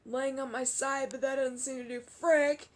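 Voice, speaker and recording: In a high voice with a flat delivery, a young woman commentates on a game as a roleplay gamer. She hiccups, is out of breath and has an aching chest, and she laughs often, gasps and sighs drawn-out sighs.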